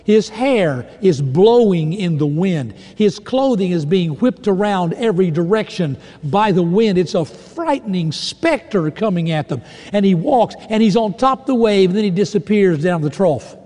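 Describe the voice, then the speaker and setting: Man preaching, dramatic storyteller, high mellow voice, long hall reverb. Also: lively intonation, moderate pace, few pauses. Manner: dramatic storytelling, swelling and dropping to hushed lines. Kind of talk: sermon.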